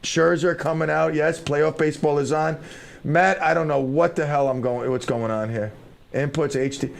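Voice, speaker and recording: Give me a gravelly-voiced man in a small radio studio, chatting in a loose, scattered way about his day. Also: on the high side, fairly even intonation, moderate pace, slight background noise. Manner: scattered, self-mocking, thinks aloud while fiddling with gear. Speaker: radio show host. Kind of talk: rambling casual radio talk.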